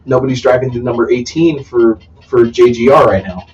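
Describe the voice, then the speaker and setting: A man's voice: mid-range voice, brisk, a little mellow, recorded from a distance, dull audio. A man co-hosting casual sports talk, jumping in with jokes and racing trivia, often laughing and interrupting. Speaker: co-host.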